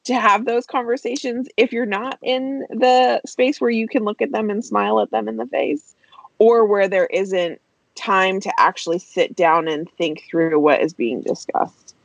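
A woman co-hosting a podcast in casual chat, chatty and quick to laugh. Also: mid-range voice, dry recording, muffled recording. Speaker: podcast co-host, practice manager.

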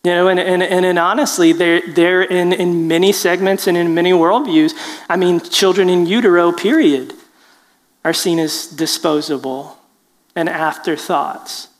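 A man, a preacher telling a personal story in an animated, self-deprecating way with halting restarts. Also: sits high, big-room sound. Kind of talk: storytelling testimony.

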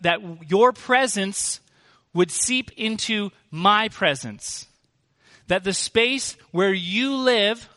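A man's voice: sits high, bright, forceful tone, in a large hall. A man preaching a sermon as pastor, earnest and emphatic, asking rhetorical questions.

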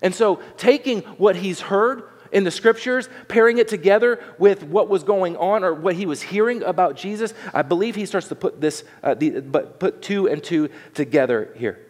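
A man's voice: high voice, moderate pace, few pauses. Man preaching in a reverberant hall. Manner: animated preaching, acts out voices of the crowd and the blind man. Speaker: pastor. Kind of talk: sermon.

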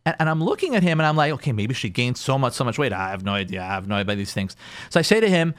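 A man's voice: mid-range voice, big pitch swings, racing, no echo. A man, a rabbi hosting a call-in advice show, telling a counseling story and giving advice, repeating phrases for emphasis. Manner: acts out quoted people in shifting voices.

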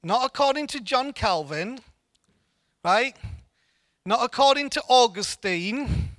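A man's voice: very high-pitched, expressive, slow pace, a bit bright, no echo. A man giving an informal church Bible teaching in an earnest way, often repeating words as he restarts.

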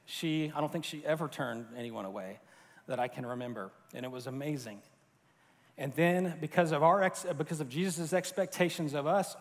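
Man from Florida, a bit high in pitch, conversational pastor, hall reverb. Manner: conversational, with fillers and restarts. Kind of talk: sermon.

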